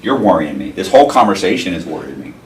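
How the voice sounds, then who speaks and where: Deep-voiced wry man, echoey room. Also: very animated, fast, a little mellow. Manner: wry, self-deprecating, trails off into mumbles. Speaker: interview host. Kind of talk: casual interview chat. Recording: echoey room, mic at a distance, faint noise.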